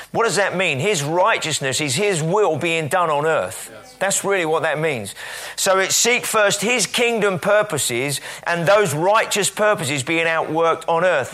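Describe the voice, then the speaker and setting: A man's voice: fairly high pitch, bright, forceful tone. A man preaching a sermon as pastor, conversational and rambling, telling stories with plenty of fillers.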